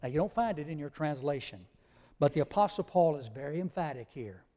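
A man's voice: fairly high pitch, animated, a little fast, warm tone. A male pastor preaching a sermon, teaching emphatically and spelling out Greek words to his congregation. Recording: long hall reverb.

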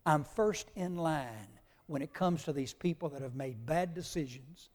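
Slow, emphatic preacher in a reverberant hall. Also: male voice, on the high side, lively intonation, darkish tone. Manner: emphatic teaching, spells out Greek words. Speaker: pastor. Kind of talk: sermon.

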